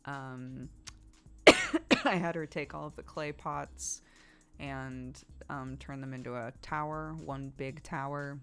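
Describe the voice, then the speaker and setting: Low-voiced woman streamer chatting. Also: steady tone, takes it slowly, a bit bright, clear, resonant tone, soft background music. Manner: chatty storytelling, laughs often. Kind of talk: casual chat while gaming.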